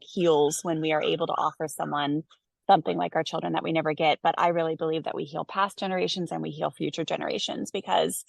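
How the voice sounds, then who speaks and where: A woman who is a mother of children hosts a casual parenting interview chat as host and parenting coach, sounding earnest and encouraging and often checking in with "right?". Her voice is lowish with vocal fry and has no echo.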